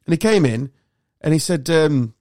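A man's voice: a little high, expressive, normal speed, a little mellow, no room sound, studio quality. An English man hosting a podcast, telling anecdotes in casual chat, swearing freely and laughing often. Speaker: podcast host.

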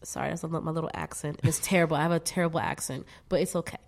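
A woman's voice: deep voice, steady tone, fast talker, vocal fry, a little mellow. A young woman raised in the US with a Barbadian family, chatting candidly as a guest, swearing freely and laughing often. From United States, Caribbean American family from Barbados. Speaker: podcast guest. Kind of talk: casual chat.

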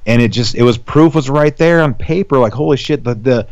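A man's voice: mid-range voice, a little fast, a little mellow, no echo. A young adult man on a podcast, talking in a profane, heated rant. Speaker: podcast co-host. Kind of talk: casual chat. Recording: dull lo-fi sound.

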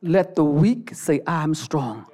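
A preacher delivering a fiery church sermon, repeating phrases, calling for the congregation to answer, and bursting into shouts. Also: mid-range voice, animated, takes it slowly.

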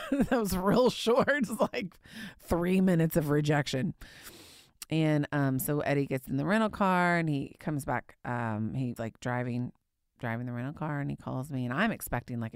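A woman with a somewhat low voice hosts a faith podcast, spinning a personal story with animated energy. She laughs often and leans on filler words as she talks. Her voice is close and dry, with no room around it. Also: normal speed, clean tone, no echo. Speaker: podcast host. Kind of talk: casual storytelling.

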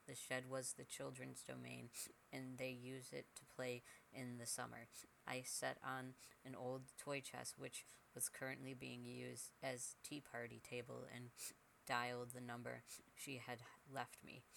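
A man narrating a first-person horror story in a steady, measured way. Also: mid-range voice, creaky, slight background noise, rough recording.

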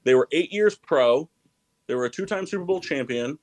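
A man's voice: a little high, expressive, moderate pace, dry recording, rough recording. Guy hosting a sports podcast, rambles and corrects himself, dry close sound. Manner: rambling, self-correcting, laughs often. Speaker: podcast host. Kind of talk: casual sports podcast chat.

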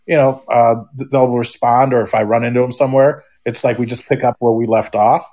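A man's voice: mid-range voice, steady tone, brisk, warm tone. A middle-aged man, a podcast guest, talking casually and rambling, with many restarts and fillers. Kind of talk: casual chat.

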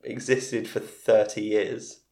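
A man's voice: lowish voice, flat delivery, slow, creaky, dark tone. A man in his forties, a podcast guest telling long family stories, often restarting his sentences. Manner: rambling, self-interrupting storyteller. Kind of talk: casual storytelling in a podcast interview. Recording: roomy podcast recording.

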